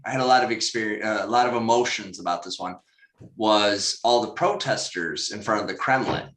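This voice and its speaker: Joking man co-host, bright echoey sound. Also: lowish voice, brisk. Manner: wry, joking. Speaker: podcast co-host. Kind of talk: casual chat.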